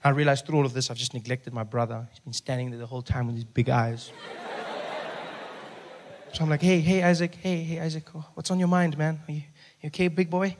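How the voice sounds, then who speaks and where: A man with a South African accent telling a stand-up story, acting out every character's voice in an animated way. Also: a little high, a little fast, slight background noise. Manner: animated, acts out voices in his stories. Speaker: stand-up comedian.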